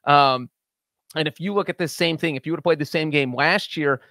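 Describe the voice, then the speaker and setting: Measured man making his case. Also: a little high, pushed and bright, dry recording, clean studio sound. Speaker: podcast co-host. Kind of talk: casual sports chat.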